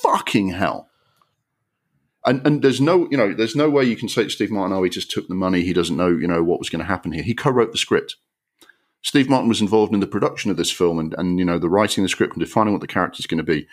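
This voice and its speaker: Male podcast co-host, deep voice, exasperated sweary ranter. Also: fast. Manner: exasperated, sweary, ranting with rising pitch. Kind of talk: casual film review rant.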